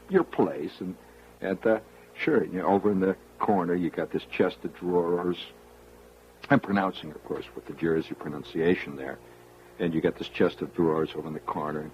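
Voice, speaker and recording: A man's voice: low voice, dull audio, a little hiss or hum. A man hosting a radio show, spinning a rambling, wry monologue straight to the listener. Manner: rambling storyteller, confiding, wry. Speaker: radio host.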